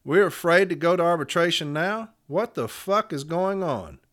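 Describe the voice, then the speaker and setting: Man, host delivering a profane, sarcastic rant; bright, forceful, somewhat high voice. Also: lively intonation, moderate pace. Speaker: podcast host. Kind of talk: ranting commentary.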